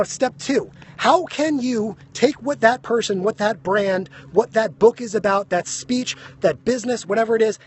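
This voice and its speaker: A man giving a fast, emphatic motivational talk on a phone live stream, out of breath, and he keeps asking "right?". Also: extremely high pitch, slight background noise. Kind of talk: energetic motivational talk to viewers. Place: high school grounds.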